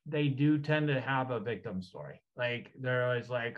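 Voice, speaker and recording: A man's voice: mid-range voice, lively intonation, moderate pace, few pauses, dull audio. A man hosting a talk as an energy healer, rambling and hesitant with many fillers. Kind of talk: casual conversation.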